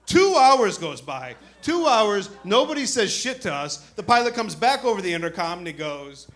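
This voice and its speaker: A man performing a stand-up comedy set on a club stage, telling a story in an animated way and acting out other people's voices. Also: high voice, normal speed, soft background music. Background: audience laughter.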